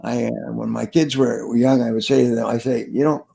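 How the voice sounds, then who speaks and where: An older man with a gravelly edge to his voice speaks as a guest in an interview. He sounds earnest, coaching listeners on sales and repeating his key phrases for emphasis, at an ordinary mid-range pitch. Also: fairly even intonation, brisk, warm tone. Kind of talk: interview, storytelling advice.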